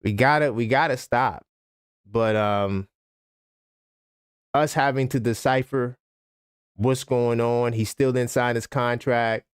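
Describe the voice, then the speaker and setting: A man hosting a live sports talk stream, ranting casually with lots of fillers and sudden jumps in pitch. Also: slow, pauses often, clean tone, no echo, studio quality. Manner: animated, conversational, frequent fillers. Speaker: sports talk livestream host.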